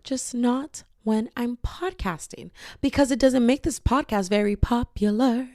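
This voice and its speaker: Rambling young woman podcaster, creaky voice. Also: fairly high pitch, measured pace, dark tone, no room sound, clean studio sound. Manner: rambling, playful, breaks into off-key singing. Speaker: podcast host. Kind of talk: casual solo podcast chat. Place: bedroom with hardwood floor. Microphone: podcasting mic.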